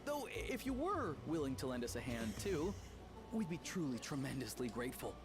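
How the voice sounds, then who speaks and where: An actor playing an earnest, polite young railway worker in a video game. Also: male voice, medium pitch, big pitch swings, brisk, lightly acted. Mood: eager. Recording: game audio with loud background music.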